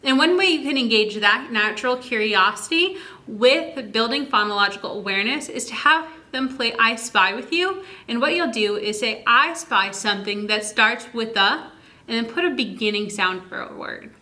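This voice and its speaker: Bright, encouraging woman teaching parents. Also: a little high, expressive. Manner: slow, stretched-out words to demonstrate sounds. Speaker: early literacy educator. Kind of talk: instructional video talk to parents.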